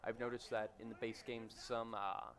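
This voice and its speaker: A man's voice: mid-range voice, flat delivery, moderate pace, a bit bright, a little hiss or hum. A man giving casual, rambling commentary over his own gameplay, chatty and nitpicky. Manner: rambling, self-described nitpicky, chatty asides. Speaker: gaming commentator.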